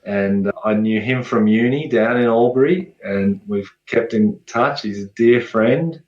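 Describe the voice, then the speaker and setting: A man talking as a guest researcher in a relaxed, friendly, plain-spoken way. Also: medium pitch, measured pace, roomy sound, lo-fi sound. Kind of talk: casual interview chat.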